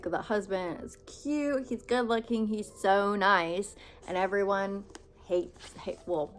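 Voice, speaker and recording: A young woman talking casually and excitedly about books she loved, full of "like"s and repeated words. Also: medium pitch. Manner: gushing, filler-heavy with many "like"s and repeats. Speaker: book vlogger. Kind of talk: casual book review vlog.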